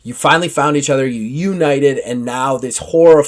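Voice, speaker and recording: A man at a mid-range pitch runs a tabletop game and narrates the action vividly. He talks loosely and casually, full of "like" and quick asides. He sounds like a relaxed host. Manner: vivid, animated storytelling with filler "like". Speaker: game master.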